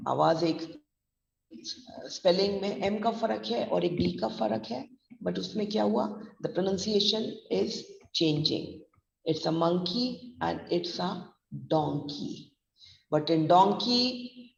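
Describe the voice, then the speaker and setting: A woman's voice: on the low side, creaky. A woman with a Gujarati accent teaching a pronunciation class, who spells words out letter by letter and switches into Hindi. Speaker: pronunciation trainer. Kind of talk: online class lecture. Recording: distant, roomy, muffled lo-fi sound.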